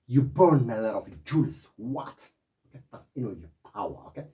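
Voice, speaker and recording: Rambling, animated man. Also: mid-range voice. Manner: animated, keeps saying "my friend", digressive. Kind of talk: rambling casual monologue.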